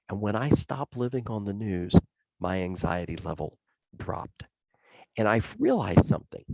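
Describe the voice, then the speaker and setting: A man's voice: low voice, normal speed, gravelly, a little mellow, dry recording, rough recording. A man giving a plain-spoken, conversational talk on self-care, telling stories and repeating key points for emphasis. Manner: folksy, plain-spoken storytelling with emphatic repetition. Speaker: public safety speaker. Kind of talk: conversational presentation.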